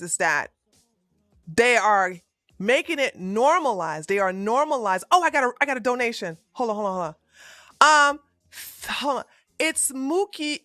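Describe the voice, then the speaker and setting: A woman's voice: mid-range voice, bright, forceful tone, no echo, studio quality. A woman streamer giving heated live-stream commentary in a profane, fiery rant, recorded at a home streaming setup.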